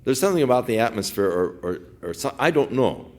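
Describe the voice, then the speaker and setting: Male pastor doing bible teaching, chatty, wanders off on asides, pitch moves around a lot. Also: big pitch swings, fast, darkish tone. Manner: conversational and digressive, with asides.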